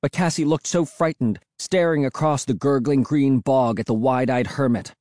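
An audiobook narrator reading a first-person story with suspenseful, expressive delivery. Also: medium pitch, normal speed, dry recording, clean studio sound.

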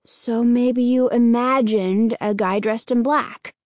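A woman voicing a gentle, concerned young boy who speaks softly and carefully. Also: fairly high pitch, fairly even intonation, takes it slowly, no echo, studio quality. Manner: soft, worried, careful.

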